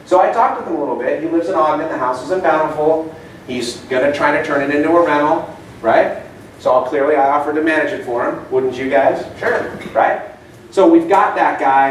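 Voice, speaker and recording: A man giving a casual seminar talk, telling anecdotes and asking his audience questions. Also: on the high side. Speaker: seminar speaker. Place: meeting room. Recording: echoey room, distant mic, faint noise.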